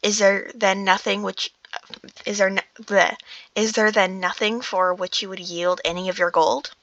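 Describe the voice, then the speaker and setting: A woman reading the lines of a stern, grim male leader, measured and firm, with a dull lo-fi sound. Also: mid-range voice, flat delivery, a bit bright, slight background noise, lightly acted.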